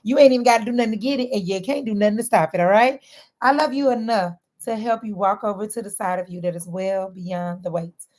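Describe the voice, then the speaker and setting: A woman talking straight to her viewers in a lively, sermon-like way, mixing casual slang and laughter into faith-based wellness advice. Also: mid-range voice, fast. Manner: animated, sermon-like, southern-inflected slang with frequent laughs. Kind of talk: lively preachy direct-to-camera talk.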